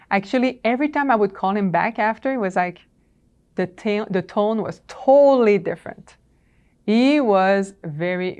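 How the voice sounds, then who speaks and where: A woman leading a workplace training session at a moderate pitch. She talks casually, scattering "uh" and "um". She slips into quoted dialogue as she tells stories. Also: darkish tone. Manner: anecdotal, acts out dialogue, conversational with fillers. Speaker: presenter. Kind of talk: professional training talk.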